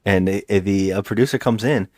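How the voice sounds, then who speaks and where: Male podcast co-host, lowish voice, close dry mic; casual movie recap, acts out lines. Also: moderate pace, no room sound. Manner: animated retelling, quotes characters in raised voices.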